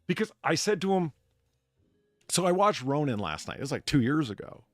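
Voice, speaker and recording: A man's voice: on the high side, very animated, brisk, no echo. A man from the United States hosting a live stream, chatting casually in a rambling, profane way that is full of restarts. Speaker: streamer and bartender host.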